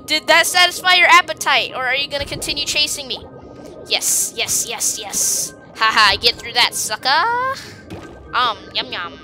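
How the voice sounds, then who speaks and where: A woman giving casual, excitable commentary on her gameplay, taunting creatures on screen and giggling often. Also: high voice. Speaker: gaming video host.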